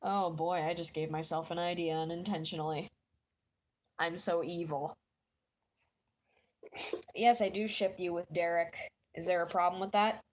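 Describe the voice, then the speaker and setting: A woman's voice: fairly low pitch, steady tone, moderate pace, pauses often, slight background noise. A woman with a stuffy nose, chatting casually with live viewers while she draws, giggly and poking fun at herself. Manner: giggly and self-mocking. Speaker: artist streaming while drawing.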